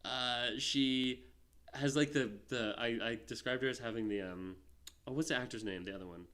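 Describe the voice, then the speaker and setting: A man's voice: medium pitch, moderate pace, fairly bright tone. A man co-hosting a film podcast in casual chat, rambling with lots of fillers and restarts. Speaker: podcast co-host.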